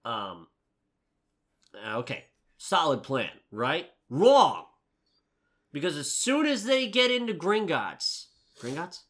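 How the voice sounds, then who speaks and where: A man co-hosting a movie review podcast, ranting loudly in casual chat, cursing and putting on mock voices. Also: a little high, very animated, slow pace.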